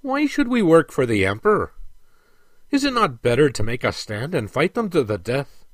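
A man's voice: medium pitch, big pitch swings, normal speed, no room sound. A man voicing a worried dwarf prince who speaks earnestly and pleadingly. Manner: pleading, earnest, a little raised. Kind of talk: audiobook character reading.

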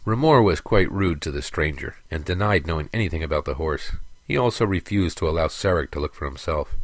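Casting: male storyteller, very low voice, dry close recording, steady pacing. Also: no room sound. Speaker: narrator. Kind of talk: scripted fantasy narration.

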